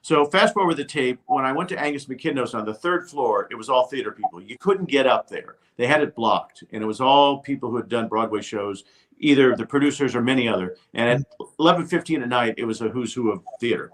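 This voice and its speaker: An older man, a TV host appearing as a guest, telling a lively anecdote and acting out the people he quotes. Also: medium pitch, brisk. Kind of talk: storytelling anecdote.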